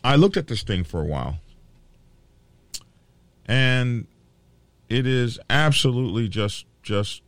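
A man hosting a biker news show, talking casually to his viewers in a halting, indignant way with many fillers and repeated words. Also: mid-range voice, expressive, no room sound. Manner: worked up and indignant.

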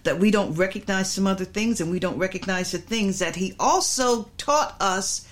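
A woman's voice: mid-range voice, moderate pace. A middle-aged woman preacher teaching a sermon, emphatic and repetitive, drawing out her stresses.

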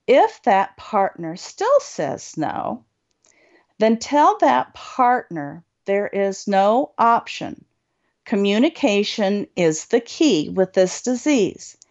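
A woman hosting a support group show, calmly coaching listeners on what to say to people. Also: medium pitch. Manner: slow, deliberate, coaching. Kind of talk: advice talk to listeners. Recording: dull lo-fi recording.

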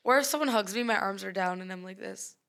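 A woman's voice: medium pitch, quick pace, creaky, fairly bright tone. A young adult woman co-hosting a podcast in casual chat, giggly and chatty with lots of fillers. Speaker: podcast co-host.

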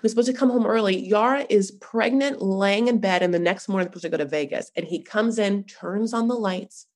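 Animated gossipy young woman host. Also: mid-range voice, brisk. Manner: animated, gossipy, lots of fillers. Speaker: podcast host. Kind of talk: casual chat recapping a reality show.

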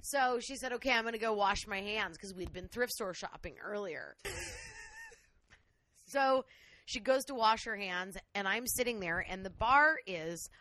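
A woman co-hosting a casual chat, telling a crude, outraged story in an animated way. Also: mid-range voice, no room sound.

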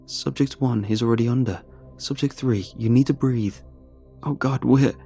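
A man's voice: mid-range voice, normal speed, vocal fry, warm tone, soft background music, pitched above the performer's own voice, natural voice. A man voicing a cold, authoritative male lead doctor in a horror story. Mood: alarmed.

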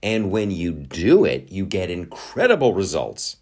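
A man with a deep, low voice talks in a loose, casual monologue. His pitch swings widely as he gets animated, and he drops profanity while riffing. He keeps breaking into quick put-on voices. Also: slightly rough.

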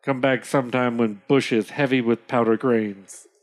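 A man voicing a gruff, stubborn and sly old male chief in a low, flat, deadpan way, in a comic reading. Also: moderate pace, close to an everyday voice.

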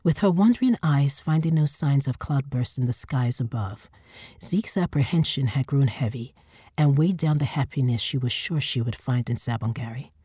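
A woman narrating a story in a calm, steady reading. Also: very deep voice, normal speed, slightly rough, no room sound, studio quality.

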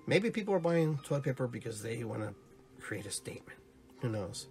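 Speaking live to listeners of his spiritual and holistic podcast, a man muses and rambles, full of restarts and asides. His medium-pitched voice runs a little fast and turns animated whenever he tells a story.

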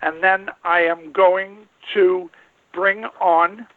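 This call-in show host, a vet in his late seventies, has a high voice with little pitch movement and a slow pace. He's rambling, folksy and emphatic with repetitions, and the tinny phone audio carries no room sound.

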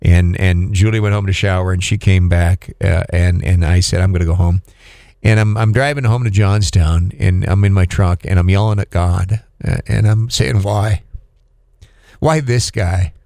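A middle-aged man co-hosting a podcast, talking in a halting, emotional way with many restarts. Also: low-pitched, fairly even intonation, creaky, darkish tone, no room sound, studio quality. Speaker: podcast co-host. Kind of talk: casual chat.

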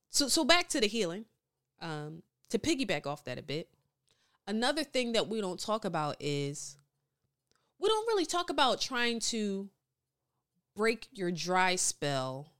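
A woman talks on a podcast in a studio, candid and full of slang, often laughing and playing things up for effect. Her voice is bright and clear, and her pitch swings widely as she tells her stories. She reads out live comments between them. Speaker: podcast guest. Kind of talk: casual chat reading live comments.

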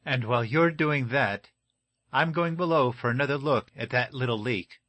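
A man's voice: medium pitch, moderate pace, a bit bright, natural voice. Man doing a hearty naval lieutenant. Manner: emphatic exclamations.

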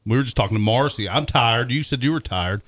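A man's voice: medium pitch, expressive, a little fast, fairly bright tone. A man co-hosting a casual sports radio show, rambling and self-deprecating, chuckling as he talks.

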